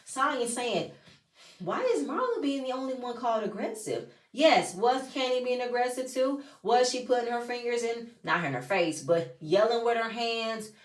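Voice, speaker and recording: Woman, casual TV recap, blunt, profane, sassy, echoey room, distant mic. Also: a little high. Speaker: reality TV reviewer. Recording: roomy, voice from a distance.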